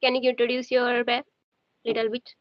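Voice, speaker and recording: A woman's voice: a little high, completely flat delivery, no room sound, highs cut off. Hesitant woman from Maharashtra. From Maharashtra, India. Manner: hesitant, halting, many fillers. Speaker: learner, homemaker. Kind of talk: casual conversation practice.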